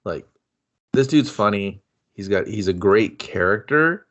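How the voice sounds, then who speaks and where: Bemused man with lively pitch. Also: unhurried, highs cut off. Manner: bemused, rambling, laughs often. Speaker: podcast co-host. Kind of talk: casual movie review chat.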